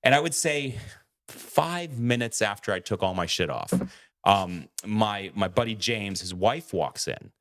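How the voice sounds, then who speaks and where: With a lowish, fairly bright voice, this man speaks expressively and without hurry. He's co-hosting a podcast, spinning a casual story in which he performs the quoted lines and curses freely.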